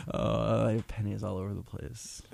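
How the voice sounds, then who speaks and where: A young man co-hosting a casual, rambling talk show, playful and quick to laugh. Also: lowish voice, flat delivery, vocal fry, darkish tone. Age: young adult. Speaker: co-host. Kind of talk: casual chat.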